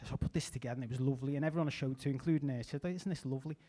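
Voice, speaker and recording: A middle-aged man performing a stand-up comedy set, chatty with deadpan asides and small restarts. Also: mid-range voice, rapid-fire. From England.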